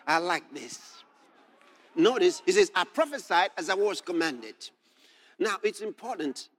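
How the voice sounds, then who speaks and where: Male preacher, high expressive voice, animated sermon delivery that swells to shouting. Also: unhurried. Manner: animated, rising to shouts when reading scripture; explains verse by verse, asks "All right?" and "Okay?".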